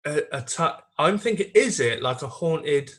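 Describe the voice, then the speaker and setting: A man's voice: fairly high pitch, lively intonation, a little slow, a bit bright. A young man co-hosting a comedy podcast, bantering playfully and laughing along. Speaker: podcast co-host. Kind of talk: casual comedic chat.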